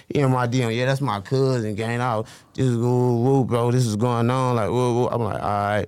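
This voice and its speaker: A man talks through his stories in a loose, slangy style. His voice comes across smooth and clear. He gets animated and acts out what other people said. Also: medium pitch, moderate pace, hardly any pauses, no room sound. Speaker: interview guest. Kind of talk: casual interview storytelling.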